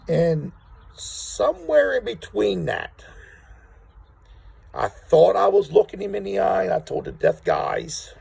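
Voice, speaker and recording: Gravelly man telling a story. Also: fairly high pitch, huge pitch swings, unhurried, long pauses, darkish tone, rough recording. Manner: rambling, repeats words, acts out quotes. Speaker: vlogger. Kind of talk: casual storytelling to camera. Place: outdoors on rural property.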